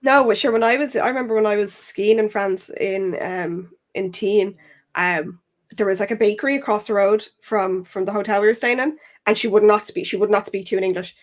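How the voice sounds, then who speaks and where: A woman's voice: medium pitch, brisk. Chatty woman hosting a casual talk. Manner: chatty, lively storyteller. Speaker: host. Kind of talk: casual chat.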